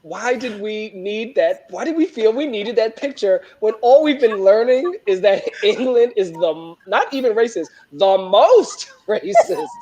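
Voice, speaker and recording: A woman's voice: medium pitch, sing-song, unhurried, few pauses, warm tone, dull audio. A woman co-hosting a podcast, speaking emphatically, with exclamations and laughter. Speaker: podcast co-host. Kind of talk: casual comedic chat.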